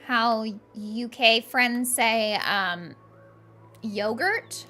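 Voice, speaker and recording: A woman's voice: a little high, expressive, slow, sharp tone, faint music behind. A young woman chatting casually and playfully as she plays a game on a live stream, laughing often.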